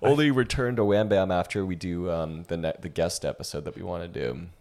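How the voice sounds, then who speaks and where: A man's voice: low-pitched, a little fast, a little mellow, a little hiss or hum. A tired man co-hosting a podcast in casual chat, laid-back, swearing often and laughing easily. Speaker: podcast co-host.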